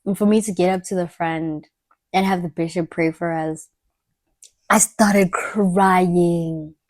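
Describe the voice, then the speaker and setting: A woman's voice: on the low side, fairly even intonation, normal speed, mellow. A young woman, talking candidly and in slang as she tells stories in a casual diary vlog. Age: young adult. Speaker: vlogger.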